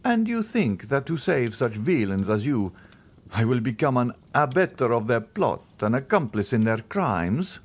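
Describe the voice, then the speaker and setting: A man's voice: medium pitch, sing-song, a little slow, voice pushed up. A man voicing a stern, commanding older priest who interrogates with an imperious, accusing manner. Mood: indignant.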